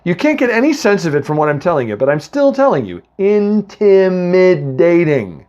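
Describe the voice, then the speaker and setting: A man from the Boston area reads a comic first-person story, wandering off into asides to the listener. His voice sits slightly high and moves up and down a lot. The recording sounds dull and lo-fi. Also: wildly swooping pitch, fast. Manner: rambling, chatty, full of asides to the listener.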